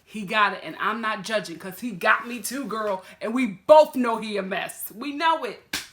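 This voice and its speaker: Sassy, bright-voiced woman reviewing TV. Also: fairly high pitch, a little hiss or hum. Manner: sassy, chatty, quick to laugh. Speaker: TV reaction vlogger. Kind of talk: casual reality-TV review.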